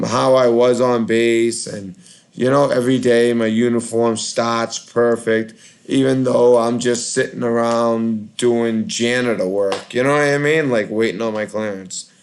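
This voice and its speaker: A man from Boston with a Boston accent, rambling in casual call-in chat, halting and full of fillers. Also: medium pitch. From Boston, Massachusetts.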